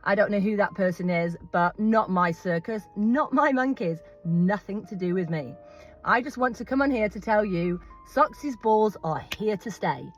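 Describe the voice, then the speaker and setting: A woman's voice: medium pitch, normal speed, dull audio. British woman, middle-aged, vlogging, firm and emphatic, repeats herself for effect, faint music underneath. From Britain. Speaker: horse owner. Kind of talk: vlog monologue.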